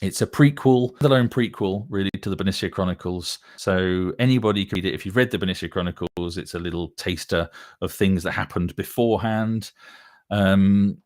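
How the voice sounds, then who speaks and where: Give me a low-pitched male author chatting casually at his desk, rambling and restarting often. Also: normal speed, dry recording, clean studio sound. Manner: rambling, many fillers and restarts. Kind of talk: casual chat.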